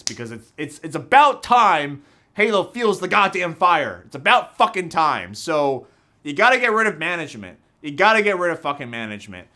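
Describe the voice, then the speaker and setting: A man's voice: medium pitch, bright, forceful tone. A young man giving a passionate, profane rant about a video game, heated and emotional, with frequent restarts. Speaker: gaming commentator.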